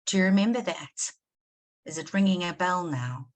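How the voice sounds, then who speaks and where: A woman's voice: lowish voice, moderate pace. A woman maths teacher from South Africa leading a live online revision class, quizzing her students and repeating key points for emphasis. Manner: questioning, encouraging, repeats for emphasis.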